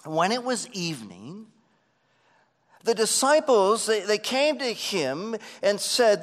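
A man's voice: sits high, sing-song, slow pace, in a large hall. A man preaching a sermon as pastor, earnest and emphatic, often repeating words as he starts a phrase.

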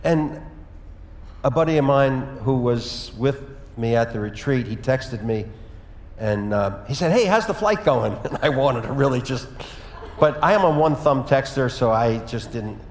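A man's voice: medium pitch, a little slow, slight background noise. Conversational male pastor, echoey sanctuary. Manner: conversational storytelling, animated asides. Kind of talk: sermon. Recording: echoey hall with long reverb.

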